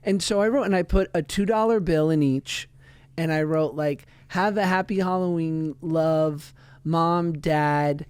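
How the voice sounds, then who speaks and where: A man's voice: on the high side, unhurried, smooth, dry recording. A man in his thirties co-hosting a podcast, telling stories in casual chat and acting out voices of his kids. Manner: animated storytelling, acts out voices of his kids. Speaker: podcast co-host.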